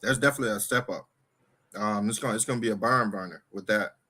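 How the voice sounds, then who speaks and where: A man's voice: lowish voice, fast, sharp tone. A young man co-hosting a casual live sports stream, reading viewer comments aloud, teasing his co-host and laughing often.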